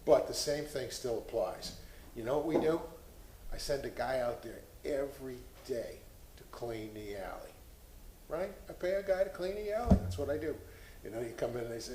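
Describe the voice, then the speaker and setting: An impassioned man speaks at a public board meeting and admits he is getting preachy. His voice sits at a middle pitch. The echoey chamber carries a faint hiss. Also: lively intonation, normal speed. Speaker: board member. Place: city meeting room.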